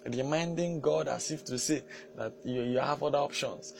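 A man's voice: mid-range voice, normal speed, vocal fry, few pauses, slight background noise. A male pastor and counselor preaching a sermon emphatically, repeating key phrases and using fillers as he goes.

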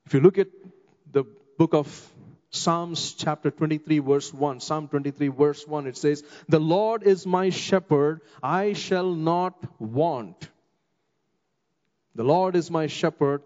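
A middle-aged man with an Indian English accent, preaching a sermon as a pastor and slowing down for emphasis. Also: a little high. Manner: expressive, slows down for emphasis, acts out quoted voices. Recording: long hall reverb, dull muffled sound.

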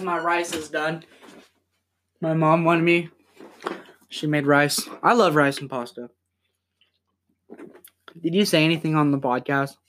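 A young man hosting a casual podcast from home, rambling and swearing as he talks in quick bursts. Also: on the high side, a bit bright. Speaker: podcast host.

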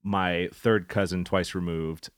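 A man's voice: low voice, little pitch movement, slow, clean tone, no room sound. A man co-hosting a podcast, goofy and rambling, laughing often as he chats casually. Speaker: podcast co-host.

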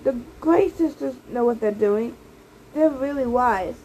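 Woman doing a bossy teen girl, urgent, high voice, storybook. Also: unhurried, mellow, a little hiss or hum. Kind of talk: audiobook character voices.

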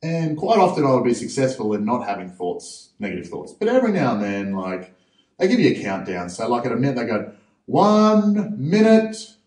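An Australian man telling stories as a guest in a casual interview, animated and acting out other people's voices. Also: medium pitch, fast talker. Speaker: podcast guest, freediver. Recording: roomy echo, distant from mic.

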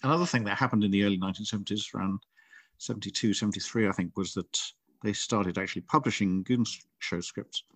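Middle-aged man, author being interviewed, low-leaning voice, reflective and meandering. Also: fast, a bit bright, breathy edge, no echo. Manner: thoughtful, rambling with frequent restarts. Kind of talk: casual interview chat.

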